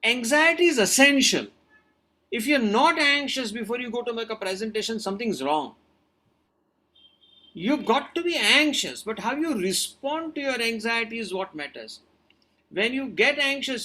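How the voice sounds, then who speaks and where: Bright, high-voiced man giving earnest advice. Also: big pitch swings, normal speed. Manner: earnest, advising, repeats key points. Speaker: doctor answering webinar questions. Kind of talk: webinar talk with audience questions.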